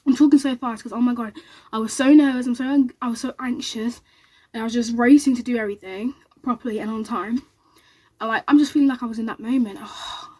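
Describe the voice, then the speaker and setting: A young woman, vlogging to camera and telling an excited story in a rapid, animated way, acting out what others said. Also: on the high side, breathy edge. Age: young adult.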